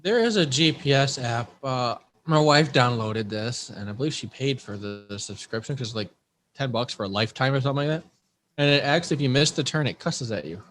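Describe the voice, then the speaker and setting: A man's voice: mid-range voice, lively intonation, brisk, fairly bright tone. A man co-hosting a casual podcast, telling stories and throwing in crude jokes. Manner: crude jokester, laughs at himself. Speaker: podcast co-host. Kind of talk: casual banter.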